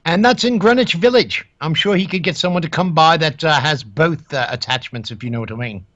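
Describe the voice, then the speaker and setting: A man's voice: fairly high pitch, fairly quick, fairly bright tone. Mock-formal English man on a muffled webcam. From England. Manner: mock-formal, dry banter, keeps addressing his co-host by name. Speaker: co-host of a webcam stream show. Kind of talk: casual comedic stream chat. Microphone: webcam microphone.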